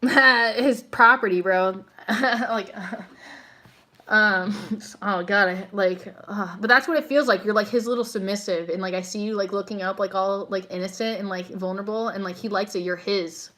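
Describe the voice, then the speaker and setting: A woman's voice: mid-range voice, moderate pace, bright, forceful tone. A young woman hosting a casual live psychic reading stream, chatty and slangy, full of fillers and frequent laughter. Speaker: psychic livestream host.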